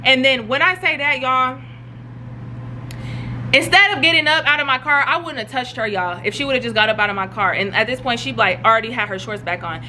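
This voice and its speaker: A young adult woman vlogger telling a storytime in an animated, slangy way, full of fillers. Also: high voice, a little fast, slight background noise. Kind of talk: storytime vlog.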